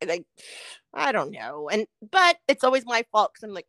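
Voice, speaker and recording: A woman co-hosting a podcast, telling a fast food rant in casual chat, swearing freely and animated. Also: fairly high pitch, dry recording. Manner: swears a lot, animated ranting storyteller. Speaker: podcast co-host.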